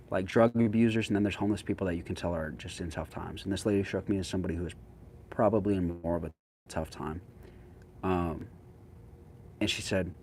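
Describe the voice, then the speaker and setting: Laid-back slangy young man, deep voice. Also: darkish tone, a little hiss or hum. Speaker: social media creator. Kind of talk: casual chat with viewers.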